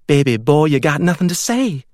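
A man's voice: on the high side, sing-song, normal speed, darkish tone, dry recording, pitched above the performer's own voice. Male reader putting on a clingy doting woman, cooing and pleading, raised voice, dry sound. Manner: cooing, pleading, baby talk. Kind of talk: audiobook reading.

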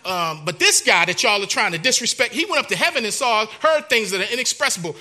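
A male pastor preaching a sermon, dramatic, dropping to a hush and then rising loud, in a church. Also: high voice, sing-song, fast talker.

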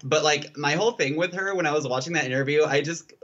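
A man's voice: fairly high pitch, fast, lo-fi sound. A young man co-hosting a casual podcast chat, rambling with lots of fillers and restarts. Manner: rambling, filler-heavy, animated. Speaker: podcast co-host.

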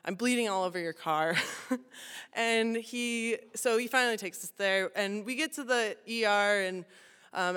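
A woman's voice: mid-range voice, a bit bright, clear, resonant tone. A young woman telling a personal story to an audience in a chatty, self-mocking way, laughing often and filling with "you know". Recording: long hall reverb.

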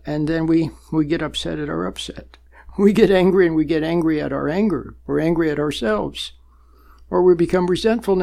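A man's voice: a little high, vocal fry, a little mellow. A man giving a spoken talk about meditation on a program, in a conversational, repetitive way with frequent chuckles. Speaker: meditation teacher.

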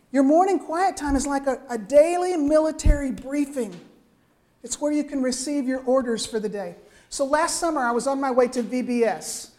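An older woman preaching a sermon in a conversational, lively way, often checking in with her listeners with quick asides. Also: high voice.

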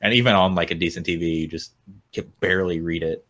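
A man's voice: sits low, fast, no room sound. A young man co-hosting a gaming podcast, chatting casually and telling a story with frequent laughs. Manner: relaxed storyteller, laughs often. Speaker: podcast co-host. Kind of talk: casual chat.

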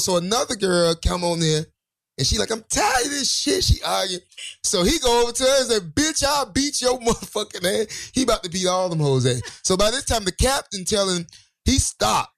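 High-pitched male podcast co-host; animated, profane storyteller who acts out the quotes. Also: fairly quick, vocal fry. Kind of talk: casual storytelling chat.

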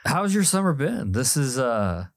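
A man's voice: medium pitch, sing-song, a little slow, no echo. A man hosting a casual podcast chat, playful and fond of wordplay. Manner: playful, wordplay and food banter. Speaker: podcast host.

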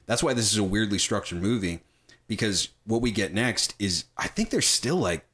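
A man's voice: fairly low pitch, moderate pace, breathy edge. A man hosting a casual film discussion, talking enthusiastically and swearing freely. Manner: profane, enthusiastic, animated. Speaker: podcast host.

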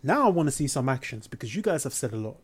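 A man's voice: mid-range voice, sing-song, fast talker, slightly rough. A man, co-hosting a casual football chat, blunt and opinionated with some swearing. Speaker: podcast co-host.

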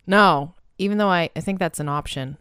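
A woman's voice: on the low side, normal speed, fairly bright tone, clear, resonant tone, no room sound, studio quality. A woman playing a comic field reporter in podcast banter who delivers chatty mock-news updates.

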